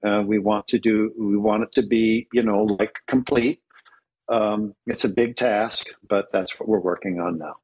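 Earnest husky-voiced man, measured. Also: fairly low pitch, fairly even intonation, darkish tone, poor audio. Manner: measured, earnest, slows down to stress words. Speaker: interview guest, Orthodox clergy author. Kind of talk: thoughtful conversational interview.

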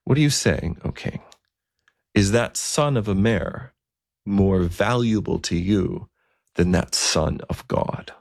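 A man's voice: lowish voice, takes it slowly, creaky, a little mellow, heavily acted. A man voicing a solemn old bishop. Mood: rebuking.

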